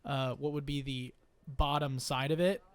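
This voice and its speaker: A man's voice: medium pitch, little pitch movement, normal speed, clean tone, no room sound. A man running a tabletop game as game master, describing scenes in a rambling way full of fillers.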